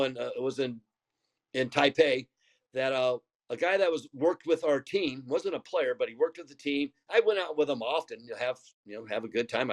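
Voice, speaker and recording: An older man, a former pitcher, telling a story in conversation, often repeating words and acting out bits of dialogue. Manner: rambling, repeats words, acts out quoted dialogue. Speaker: former baseball pitcher, guest.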